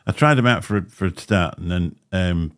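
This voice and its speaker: A man's voice: low-pitched, normal speed. A man hosting a livestream, chatting in a rambling way with a slight lisp and frequent laughs. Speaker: livestream host. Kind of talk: casual chat. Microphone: desk microphone.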